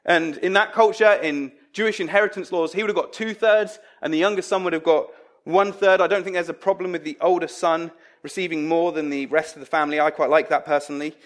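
A man's voice: on the high side, fairly even intonation, fast, a bit bright. A man preaching a sermon in a conversational, emphatic way, acting out quoted voices.

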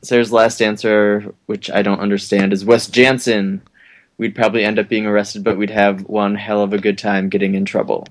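A man's voice: fairly low pitch, little pitch movement, normal speed. Amused man reading listener answers. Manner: laughs often, amused. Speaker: podcast co-host.

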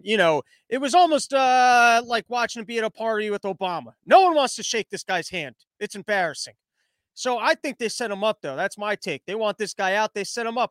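Comedian host, male, high-pitched, crude rambling monologue, dry close sound. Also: a bit bright, dry recording. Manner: rambling, crude, self-interrupting.

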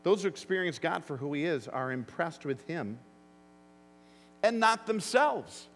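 A man preaching a sermon as pastor, earnest and emphatic, with deliberate phrasing. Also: a little high, lively intonation, fairly bright tone, slight background noise. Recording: long reverb of a large hall.

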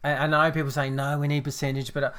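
A man's voice: on the high side, little pitch movement, quick pace, a bit bright, smooth. A man with an Australian accent co-hosting a podcast, chatting casually about football with frequent restarts and fillers. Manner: rambling, many restarts and filler words. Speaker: podcast co-host. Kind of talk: casual footy chat.

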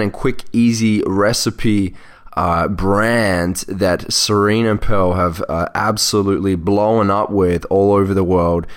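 An Australian man hosts a podcast, moving from a sponsor read into a friendly interview. His voice sits fairly low, and he talks in an upbeat, salesy way. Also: clear, resonant tone. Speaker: podcast host.

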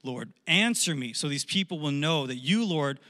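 A man preaching a sermon, telling a story with jokes and animated asides. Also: a little high, normal speed, long reverb tail. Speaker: pastor.

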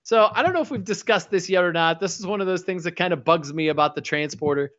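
A man co-hosting a podcast, recapping an episode in casual chat, rambling and dropping into quick impressions. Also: high-pitched, a bit bright. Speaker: podcast co-host. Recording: dull lo-fi audio.

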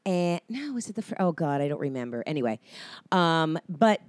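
Actress guest, low and dry, rambling storyteller full of ums and restarts. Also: female voice, very animated, moderate pace, dry recording. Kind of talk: casual interview storytelling.

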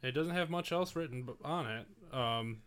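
A young man hosting a casual podcast on a studio mic, jokey and quick to laugh. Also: mid-range voice, a bit bright, smooth. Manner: jokey, laughs often, mimics people. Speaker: podcast host.

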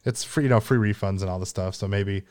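A man's voice: deep voice, fast, darkish tone, smooth. A man hosting a casual gaming podcast, rambling and laughing often as he talks. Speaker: podcast host.

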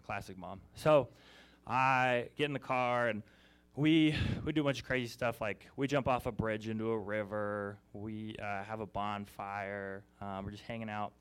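A man's voice: fairly low pitch, steady tone, normal speed, smooth. Chatty young man preaching a casual sermon. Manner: chatty, self-deprecating storyteller with many fillers. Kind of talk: casual sermon with personal story. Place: church service.

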